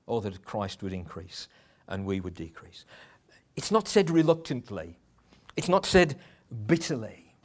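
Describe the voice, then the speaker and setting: A man's voice: medium pitch, very animated, normal speed, breathy edge. A middle-aged man preaching a sermon in a conversational way, with chuckles and restarts.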